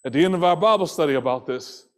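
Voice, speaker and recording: A man preaching a sermon as pastor, impassioned, shouting some phrases and dropping soft on others, repeating rhythmic refrains. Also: fairly high pitch, animated, fast talker.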